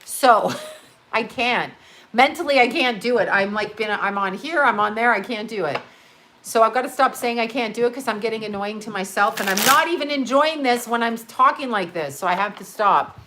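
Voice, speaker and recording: A woman's voice: fairly high pitch, moderate pace, background noise. A middle-aged woman giving a casual astrology reading, chatty and rambling, swearing and laughing often, sounding tired. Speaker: psychic astrology reader.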